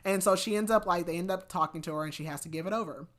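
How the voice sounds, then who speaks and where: A woman's voice: lowish voice, very fast. A woman hosting a podcast, retelling a book in a casual chat full of fillers and restarts. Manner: chatty, many fillers and restarts. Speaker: podcast host.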